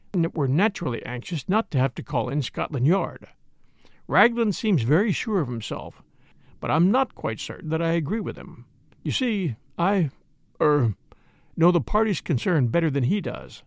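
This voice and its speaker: A man's voice: sits high, dry recording, clean studio sound. A man voicing a genial chief constable, a colonel with a hearty, breezy manner in an audiobook. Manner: hearty, breezy, officer's bluster.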